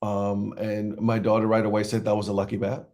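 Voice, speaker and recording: A man's voice: fairly low pitch, monotone, brisk, a little mellow. A man co-hosting a casual chat podcast, talking in a loose, rambling way with many fillers and restarts. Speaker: podcast co-host.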